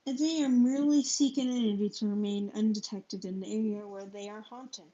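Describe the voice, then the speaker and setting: A woman's voice: mid-range voice, fairly even intonation, dark tone. A young woman reading a book aloud on a live stream, stumbling over and spelling out hard words. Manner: halting reading with stumbles and self-corrections. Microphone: low-quality setup. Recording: dull lo-fi stream audio.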